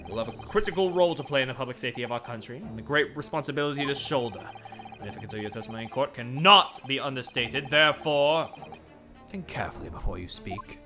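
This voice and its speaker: A stern, authoritative courtroom judge, read by a man streaming a game, issuing formal warnings. The voice is middle-pitched and very bright, with soft music underneath. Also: animated, fast. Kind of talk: video game voice acting on stream.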